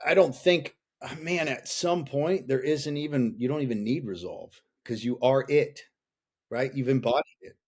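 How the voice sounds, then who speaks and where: A middle-aged man talking as a guest on a podcast over a call, blunt and intense, swearing freely and asking himself rapid questions. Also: mid-range voice, a little mellow, husky. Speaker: podcast guest, fathers' coach. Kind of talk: candid podcast conversation. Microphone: remote call.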